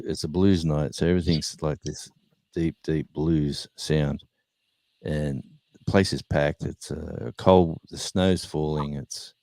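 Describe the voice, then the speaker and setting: A man's voice: rumbling low, mellow, no echo. An older man hosting a live chat, telling rambling road stories with many restarts. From Australia. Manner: rambling anecdotes with restarts and laughter. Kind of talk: casual storytelling chat.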